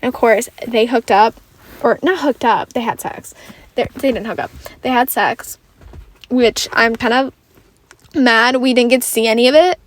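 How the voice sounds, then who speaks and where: A woman's voice: on the high side, normal speed. A tired young woman hosting a casual solo podcast, rambling and correcting herself, swearing now and then. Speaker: podcast host.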